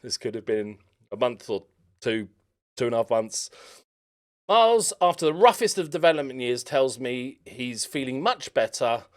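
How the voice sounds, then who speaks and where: Animated man reacting to gaming news. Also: medium pitch, normal speed. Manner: chatty, breaks off to joke and laugh between read passages. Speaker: gaming YouTuber. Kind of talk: reaction commentary reading an article aloud.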